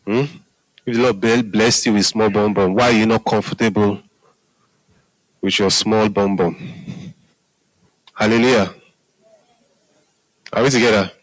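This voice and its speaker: A man's voice: lowish voice, fairly even intonation, measured pace, long pauses, no echo, low-quality recording. A man preaching a sermon in a conversational way, often asking his listeners if they are following. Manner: conversational, repeats "Hallelujah" and "are we together?" to the audience.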